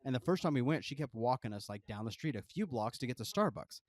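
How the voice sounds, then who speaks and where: A man's voice: mid-range voice, lively intonation, fast talker, dry recording. A man co-hosting a podcast, telling a rambling, profane travel story full of fillers. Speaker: podcast co-host. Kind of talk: casual storytelling.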